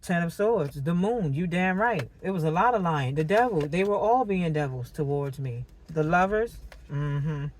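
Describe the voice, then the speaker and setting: A woman doing a casual tarot reading monologue, animated and slangy, laughing and cursing as she talks. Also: fairly low pitch, moderate pace, hardly any pauses. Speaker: tarot reader.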